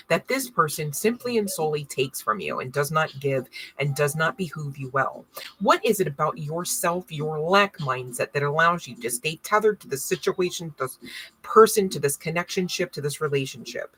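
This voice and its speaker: A woman's voice: sits low, lively intonation, normal speed, pushed and bright, slightly rough. A woman giving a casual tarot reading to an online audience, talking emphatically and asking many rhetorical questions. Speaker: tarot card reader.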